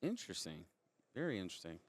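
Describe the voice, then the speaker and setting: A man with a deep, low voice analyses a card game match as color commentator. His delivery is conversational and thoughtful, and he explains plays from his own experience. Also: huge pitch swings, fast.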